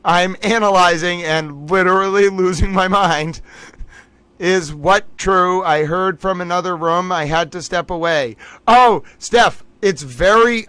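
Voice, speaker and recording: A man's voice: sits high, fairly bright tone, no echo. A man hosting a livestream, thinking aloud, exclaiming and laughing as he reacts live to news. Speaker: livestream host. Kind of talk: excited live reaction commentary.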